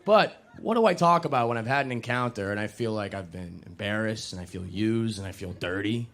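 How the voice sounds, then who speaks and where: A man's voice: expressive, brisk, fairly bright tone. Young man doing a stand-up set. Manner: casual, self-deprecating, jumps into high mocking voices. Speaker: stand-up comedian. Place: comedy club stage before a live audience.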